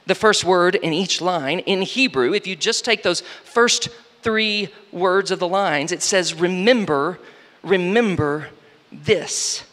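A man preaching a sermon, reading scripture slowly and then explaining it with rising emphasis and frequent restarts. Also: high voice, a bit bright. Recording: long hall reverb.

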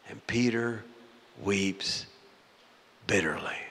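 A male pastor preaching a sermon in a church, dramatic and swinging between loud and hushed. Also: on the low side, slow pace. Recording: long hall reverb.

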